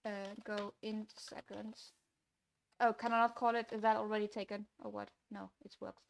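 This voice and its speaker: A woman's voice: mid-range voice, level tone, measured pace, vocal fry, pauses often. A young woman streaming her game development, talking to herself while she codes, swinging from frustrated to gleeful. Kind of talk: casual livestream commentary while coding.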